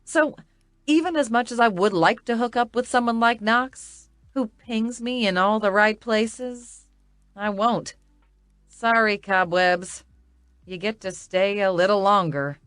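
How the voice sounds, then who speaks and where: A woman's voice: mid-range voice, a little slow, fairly bright tone, clear, resonant tone, no echo, clean studio sound, faint music behind. A woman narrating a romance audiobook in the first person, with a wry, conversational inner-monologue manner.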